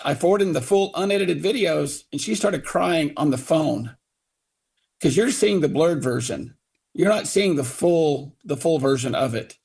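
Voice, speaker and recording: Upset middle-aged father, gravelly voice, retells and mimics officials. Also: fairly high pitch, lively intonation, moderate pace, darkish tone. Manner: indignant, quotes others in put-on voices. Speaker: father of a victim, radio guest. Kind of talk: angry retelling on talk radio.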